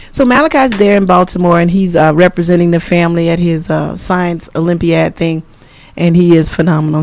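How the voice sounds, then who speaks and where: A woman in her fifties, a pastor and preschool teacher, telling a story in an animated, chatty way, often repeating herself and laughing. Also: on the low side, no room sound. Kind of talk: casual storytelling to camera.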